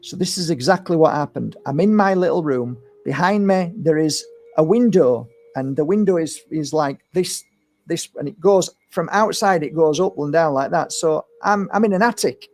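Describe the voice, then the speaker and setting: A middle-aged man with a high-pitched voice speaks in a casual, animated monologue, like a healer talking straight to his viewers. He tells stories with energy and mimics what others said. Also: moderate pace. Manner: animated storytelling, swears, acts out voices. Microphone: streaming setup.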